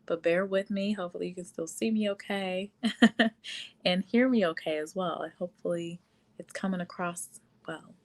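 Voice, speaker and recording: A woman's voice: on the low side, normal speed. A woman hosting a casual live stream, talking at length with frequent fillers and reading viewer comments aloud. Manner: frequent fillers, laughs often. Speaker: livestream host.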